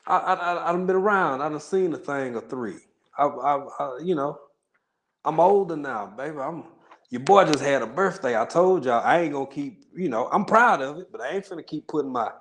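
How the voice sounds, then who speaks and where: This livestream host is a Texan man with a matching accent who chats casually with his viewers, cracking jokes, laughing often and wandering off into asides. His voice runs on the high side, lively and at a normal pace.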